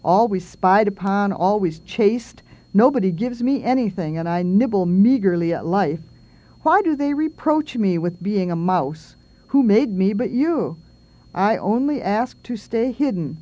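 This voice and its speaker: Woman reading as a timid little mouse praying, meek n pleading, slow. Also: mid-range voice, expressive, warm tone, dull audio.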